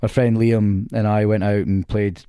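A man's voice: on the low side, flat delivery, normal speed, mellow, clean tone, dry recording, studio quality. A man talking casually about golf courses as a podcast guest, chatty and laughing often, with stammering restarts.

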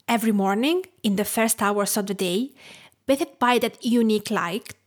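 A woman in her thirties from Tuscany with an Italian accent, narrating her food podcast in a reflective storytelling way. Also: a little high. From Tuscany, Italy. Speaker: podcast host.

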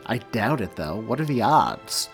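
A skeptical male police officer speaks in a dry, wry way, as an audiobook reader puts him on. His voice is lowish and unhurried, with faint music playing underneath. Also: very animated.

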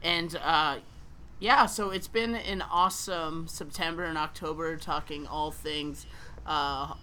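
A man's voice: on the high side, fairly even intonation, slow pace, pushed and bright, slight background noise. A man hosting a casual podcast, telling stories in a rambling way with many fillers and restarts. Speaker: podcast host.

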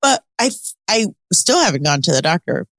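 A woman's voice: fairly low pitch, normal speed, no echo. An American woman co-hosting a comedy podcast, telling stories with lots of swearing and laughter. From United States. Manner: animated storytelling, swearing, laughing through lines. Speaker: podcast co-host. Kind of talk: casual comedic chat.

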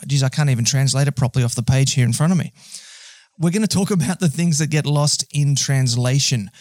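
An upbeat Australian man hosts a podcast with a casual, friendly, chatty delivery. His voice sits a little high for a man and sounds close and dry, with no room around it. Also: darkish tone, no room sound. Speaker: podcast host.

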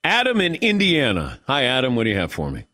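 Middle-aged male radio host, animated storyteller, dry booth sound. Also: mid-range voice, no echo. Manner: storytelling, animated, quick asides. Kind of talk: sports talk radio.

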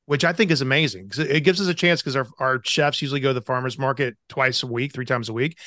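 A man's voice: mid-range voice, quick pace, hardly any pauses, sharp tone, no echo, clean studio sound. A man co-hosting a podcast, explaining his restaurant eagerly and with enthusiasm. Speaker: podcast co-host, restaurant owner. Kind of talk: casual podcast chat.

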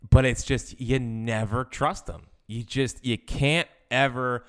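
A man's voice: mid-range voice, steady tone, slow, clean tone. A young man co-hosting a sports podcast, rambling in casual chat and venting his frustration as a fan.

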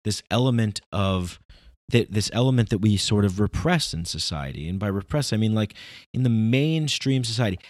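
Low-voiced man musing philosophically. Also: expressive, normal speed, dry recording, studio quality. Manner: rambling, philosophical, emphatic. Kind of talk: casual reflective monologue.

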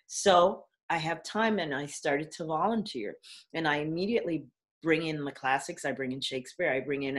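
A middle-aged woman from the Caribbean, an actor and educator, telling stories in a casual interview over a video call, laughing often and acting out what people said. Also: sits low. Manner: animated storyteller, laughs often, acts out quotes.

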